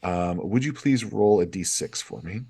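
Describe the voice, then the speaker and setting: A man's voice: low voice, animated, moderate pace, vocal fry, dark tone, breathy edge. A man running an improvised tabletop game as game master, narrating in a hesitant, apologetic way with many fillers.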